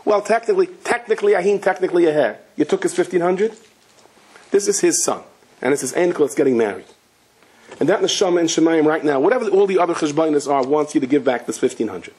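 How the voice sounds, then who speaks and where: A rabbi teaching a Torah class speaks fast in an expressive, husky, slightly mellow voice. He tells stories and acts out the voices of the people in them, swinging his pitch up and down.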